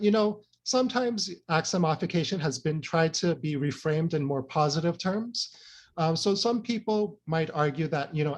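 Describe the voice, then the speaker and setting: Man lecturing with loose filler-heavy talk. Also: on the high side. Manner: conversational, frequent fillers and "right?" tag questions. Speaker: invited speaker. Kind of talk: academic lecture.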